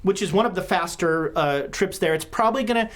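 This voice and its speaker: A woman's voice: fairly low pitch, fairly quick. A woman running a tabletop horror game as game master, chatty and full of joking asides.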